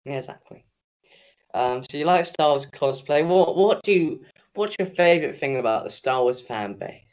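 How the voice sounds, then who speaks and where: A man's voice: fairly high pitch, expressive, normal speed. A man co-hosting a podcast in casual chat, ranting, swearing freely and teasing his co-host.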